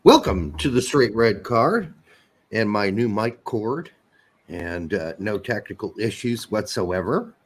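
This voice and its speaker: Lively-voiced male podcast co-host. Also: fairly low pitch, slow, breathy edge. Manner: rambling, joking, swears freely. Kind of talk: casual banter.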